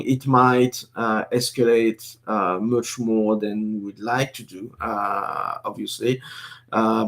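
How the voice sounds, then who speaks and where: A man with a French accent hosts a casual live stream. He stops and restarts often, fills gaps with uh and um, and breaks off to answer chat comments. His voice sits at an ordinary middle pitch. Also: fairly bright tone. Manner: hesitant, many fillers and restarts, reads chat comments.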